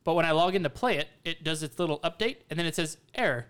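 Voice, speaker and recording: Fast-talking animated man telling stories. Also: on the high side, clean tone. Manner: animated storyteller, acts out quotes. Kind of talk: casual gaming chat.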